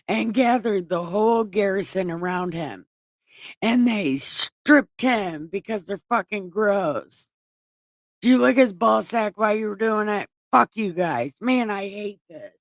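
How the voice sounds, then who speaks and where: Woman, casual scripture reading, sarcastic asides, swears freely, unhurried delivery, dry close sound. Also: medium pitch, dry recording. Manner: irreverent, sarcastic and profane. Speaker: online Bible reader and commentator.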